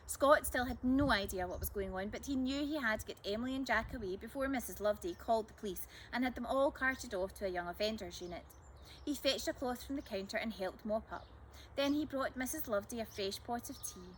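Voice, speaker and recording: A woman storyteller reading a children's chapter book aloud in a lively, expressive way. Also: on the high side, fairly quick, a little hiss or hum.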